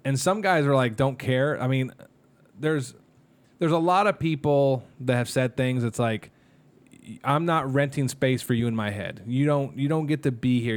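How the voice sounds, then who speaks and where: A man in his thirties talks openly on a casual podcast, his mid-range voice wandering through stories with plenty of ums and restarts. He sounds candid and unguarded. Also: mid-range voice. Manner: candid, rambling, emotional storytelling with many fillers. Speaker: podcast co-host, mascot performer.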